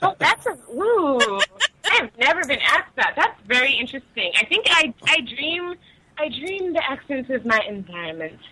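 A woman's voice: high-pitched, sing-song, normal speed, pushed and bright, a little hiss or hum, low-quality recording. A young woman from Nigeria, chatting casually as an interview guest, laughing often and using many fillers.

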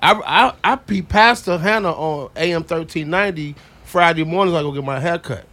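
A man's voice: fairly high pitch, moderate pace, sharp tone. A man who works as a comedian, talking in a casual podcast chat and pressing his questions with jokes. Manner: pushy, joking, repeats his questions.

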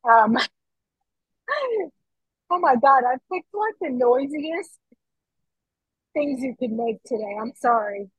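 A middle-aged woman chatting excitedly from her home kitchen over a video call, through earbuds. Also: high-pitched, measured pace, husky, no echo, poor audio. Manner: chatty, excitable, laughs easily. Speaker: guest.

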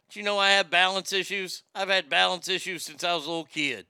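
A man's voice: high-pitched, fairly even intonation, fast talker, hardly any pauses, bright, forceful tone, smooth, no echo. A man giving a sarcastic, profane comedy rant about a news story and reading chat aloud.

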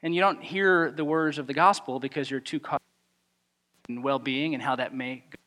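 A man preaching a sermon, animated and acting out the voices of the people he quotes. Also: mid-range voice, moderate pace. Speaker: pastor. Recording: long reverb of a hall.

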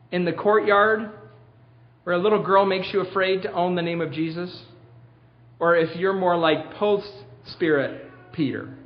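A male preacher with a high voice delivers an emphatic sermon, pausing on rhetorical questions and shifting his pace to drive points home. The sound is muffled and lo-fi, like a dull church recording. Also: lively intonation.

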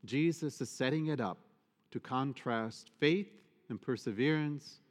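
A male priest giving a sermon, expressive and emphatic, often asking the congregation rhetorical questions. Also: mid-range voice, a little slow. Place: church. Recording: long church reverb.

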